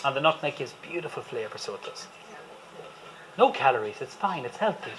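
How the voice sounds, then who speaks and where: A man's voice: mid-range voice, very animated, fairly quick, background noise. A man with an Irish accent, a chef giving a chatty, enthusiastic live cooking demonstration to an audience and joking with them as he goes. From Ireland.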